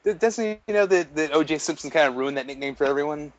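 A man's voice: on the high side, animated, fast talker, dull audio, crowd noise. Man with a slightly raised voice, teasing co-host full of disbelief. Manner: incredulous, teasing reactions. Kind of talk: casual chat.

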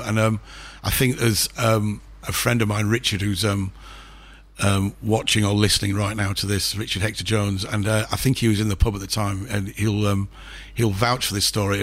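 Podcast guest, male, low husky voice, rambling storyteller. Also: little pitch movement, fairly quick, a bit bright. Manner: rambling anecdotes with many restarts and fillers. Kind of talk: casual chat.

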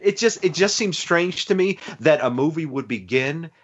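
A man's voice: fairly high pitch, normal speed, husky, highs cut off. A man co-hosting a podcast, chatting casually about a TV movie, rambling with restarts and fillers. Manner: rambling, lots of restarts and fillers, animated retellings. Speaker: podcast co-host. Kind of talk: casual chat reviewing a TV movie.

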